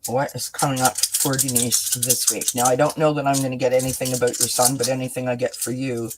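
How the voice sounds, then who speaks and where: A man hosting a live oracle card reading and answering viewers in chat. He talks in a gentle, reassuring way, often checking in with "right?" and "you know.". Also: mid-range voice, little pitch movement, fairly quick, heavy background noise. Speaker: oracle card reader and host.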